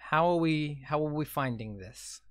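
A man narrating as game master, halting and full of fillers and restarts. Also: fairly high pitch, a bit bright, no room sound, studio quality.

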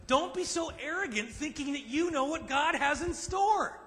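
A man pastor preaching a sermon to a men's group, emphatic and animated, slipping into acted asides. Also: very high voice, moderate pace, few pauses. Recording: long reverb in a large hall.

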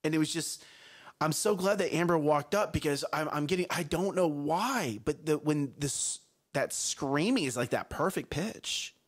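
A man's voice: on the high side, normal speed, breathy edge. A man co-hosting a parenting talk show, telling stories with lots of repeated phrases. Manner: animated storyteller, repeats phrases. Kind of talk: casual chat.

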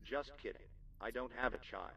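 A man's voice: mid-range voice, moderate pace, bright, forceful tone, natural voice. A man voicing a sarcastic male test-overseer in a horror game, talking down to the players in a condescending, mocking way, heard as distant game audio under their chatter. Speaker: game announcer voice.

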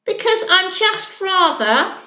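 A woman voicing a small, kind-hearted male monster in a children's storybook who squeaks politely and frightens easily. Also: sing-song, takes it slowly, bright, forceful tone, heavily acted. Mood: pleading. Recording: roomy echo.

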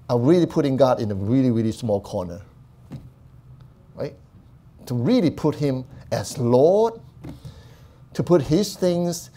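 A male pastor preaching a sermon, talking to the congregation in a conversational way and often asking "right?", then rising to loud proclaiming. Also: medium pitch. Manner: swings from quiet talk to loud proclaiming.

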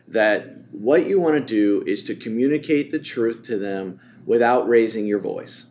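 A man co-hosting a faith and parenting podcast, talking in a lively, casual way and laughing easily. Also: lowish voice, slight background noise. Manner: energetic, quick to laugh.

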